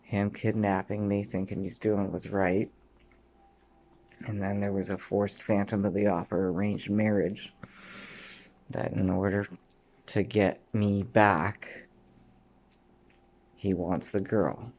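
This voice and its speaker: A man's voice: on the low side, little pitch movement, takes it slowly, pauses often, darkish tone. A man in his thirties from Canada, telling his own memories in a rambling monologue that drifts from one thing to the next, swearing often and sometimes dropping to a mutter. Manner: sometimes drops to a mutter or whisper.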